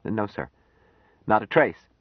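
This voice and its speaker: A man's voice: lowish voice, big pitch swings, takes it slowly, no echo, highs cut off, voice pushed up, heavily acted. A man voicing a stiff, flustered young military officer in an audiobook. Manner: stiff, hesitant, formal.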